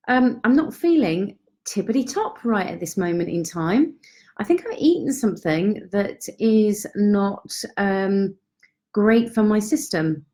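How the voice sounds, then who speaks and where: Slow-talking woman on a live stream. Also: mid-range voice, darkish tone. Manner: chatty, self-deprecating, unhurried. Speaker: confidence coach hosting a live stream. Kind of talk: casual live-stream chat. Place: at home, in York. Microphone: phone.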